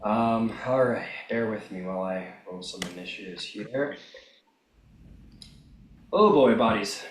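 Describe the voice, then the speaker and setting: A man's voice: lowish voice, a little slow. A man running a tabletop game as game master, thinking aloud and apologizing as he juggles things. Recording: roomy mic with faint noise.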